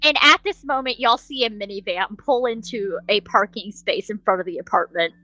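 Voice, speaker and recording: A woman narrating a tabletop role-playing game as game master, animated and laughing often. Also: medium pitch, normal speed, highs cut off.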